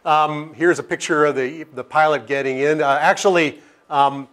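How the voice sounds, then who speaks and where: A man's voice: on the high side, fairly even intonation, moderate pace, fairly bright tone. A middle-aged man from Seattle, a scientist giving an informal lecture to a live audience, telling anecdotes with self-deprecating jokes and frequent "okay?" checks. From Seattle, United States.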